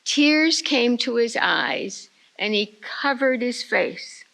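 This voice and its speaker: An older woman giving a retreat talk, telling a family story in a slow, measured way. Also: a little high, lively intonation, creaky, bright, forceful tone, poor audio. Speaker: retreat speaker.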